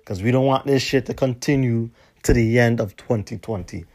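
A man's voice: mid-range voice, normal speed, darkish tone. A man hosting his own podcast in a drowsy, laid-back monologue, swearing a lot and tacking "man" onto his sentences. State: tired, yawning. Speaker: podcast host. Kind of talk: casual monologue.

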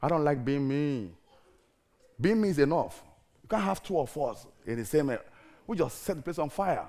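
A middle-aged man preaching a sermon in an animated, theatrical way, firing rhetorical questions at the congregation. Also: a little high, fairly quick.

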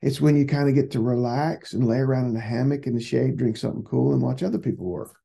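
A man's voice: mid-range voice, quick pace, gravelly, warm tone, slightly rough. A man voicing a pushy male railroad boss in a told story, coaxing and upbeat.

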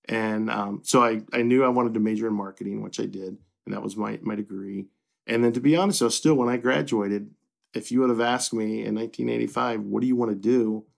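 A middle-aged man from Kentucky, a newspaper publisher, talking in a relaxed, reflective way with many fillers and restarts as an interview guest. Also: lowish voice, brisk, gravelly. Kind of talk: casual interview.

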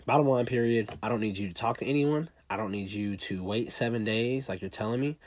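A man telling a personal story in a blunt, profane, fast-talking way. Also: medium pitch, a little mellow, no room sound.

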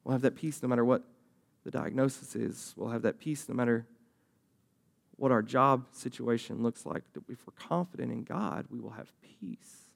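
A man's voice: mid-range voice, moderate pace, creaky. A young man preaching a sermon as a youth pastor, talking conversationally and acting out voices from the story.

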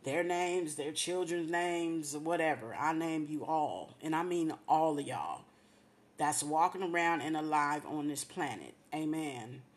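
Speaking at a measured pace in a low-pitched voice, a woman hosting a radio show shares an emotional religious testimony on air, full of heartfelt praise and repeated thanks to God.

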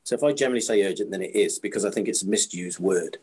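A husky, slightly breathy British man in his fifties talks quickly in a casual podcast chat. He rambles, repeats himself and restarts sentences while telling animated stories. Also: low-pitched. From Britain. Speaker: supplier to the screen printing trade.

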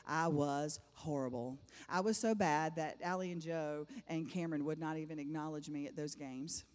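A woman's voice: low-pitched, steady tone, normal speed, hardly any pauses, darkish tone. A middle-aged woman giving a personal testimony to a church congregation, emphatic and repeating phrases for effect. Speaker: church speaker. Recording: long reverb of a large hall.

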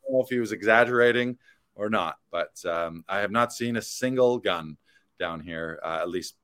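Canadian guy w/ a lowish voice, chatty podcast host, rambles with lots of ums and uhs. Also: normal speed, fairly bright tone, clean tone. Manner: rambling storyteller, many fillers. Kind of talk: casual chat.

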